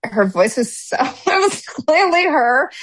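A woman co-hosting a podcast, telling stories in a lively way and laughing often. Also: sits high, slow pace, dry recording. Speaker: podcast co-host. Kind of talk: casual podcast chat.

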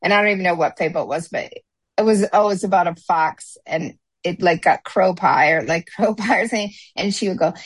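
A woman co-hosting a podcast, telling stories in a lively way and laughing often. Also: lowish voice, fairly quick, breathy edge, dry recording. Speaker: podcast co-host. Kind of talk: casual podcast chat.

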